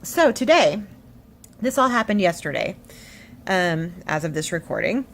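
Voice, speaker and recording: A woman telling a story in a casual vlog, animated and a little shaky, acting out what people said. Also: lowish voice, measured pace. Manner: animated storytelling, acts out quotes. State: shaky, emotional. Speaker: vlogger. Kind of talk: casual chatty vlog update.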